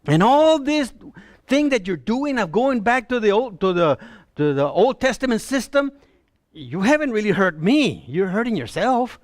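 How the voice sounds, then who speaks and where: A man preaching a sermon, animated and pleading, often asking his listeners if they see his point. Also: high-pitched, moderate pace, dry recording, studio quality. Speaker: pastor.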